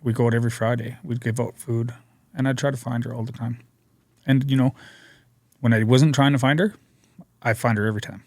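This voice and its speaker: A man telling his recovery story as a podcast guest, earnest and energetic, acting out what people said. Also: mid-range voice, a little fast, pauses often, no echo. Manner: energetic, earnest storyteller who acts out quotes. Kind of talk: personal storytelling interview.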